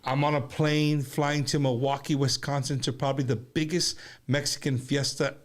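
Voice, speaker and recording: Animated man hosting a chat show. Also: medium pitch, normal speed. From United States. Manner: animated, rambling with restarts. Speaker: show host. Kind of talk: casual studio chat. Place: studio.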